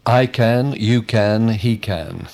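A man reading out example sentences for a grammar lesson, deliberate and clear. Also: on the low side, darkish tone. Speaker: lesson respondent.

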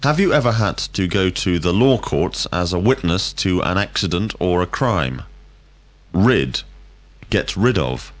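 A deep-voiced male teacher runs a scripted vocabulary drill. His pitch rises and falls widely as he puts each question clearly and deliberately. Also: lively intonation. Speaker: language teacher.

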